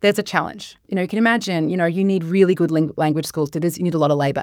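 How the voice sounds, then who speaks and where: Woman, guest historian, animated storyteller, dry close sound. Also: on the low side, racing, no room sound. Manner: animated storyteller, acts out quotes. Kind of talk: casual conversational interview.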